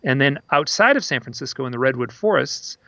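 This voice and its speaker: A man's voice: mid-range voice, animated, a little fast, bright, forceful tone, no room sound, dull audio. A man, an author guest in an interview, telling stories in a rambling way with many restarts and repeated words. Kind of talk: interview storytelling.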